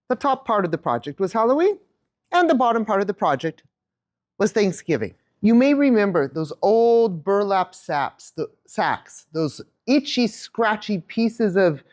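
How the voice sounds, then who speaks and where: A woman in her fifties giving a keynote talk on stage, telling a childhood story to a live audience with an animated manner and a handheld mic. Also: medium pitch. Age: 50s. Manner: animated storyteller, acts out quotes. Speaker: keynote speaker.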